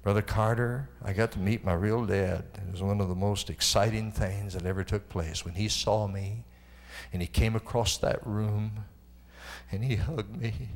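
A middle-aged man preaching a sermon, telling his own story and rising to impassioned, high-pitched delivery. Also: steady tone, moderate pace, vocal fry. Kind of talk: sermon testimony.

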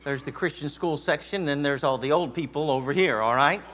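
Man preaching, high bright voice, folksy, joking asides to the congregation. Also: fairly quick. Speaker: pastor. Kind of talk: sermon. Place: church auditorium.

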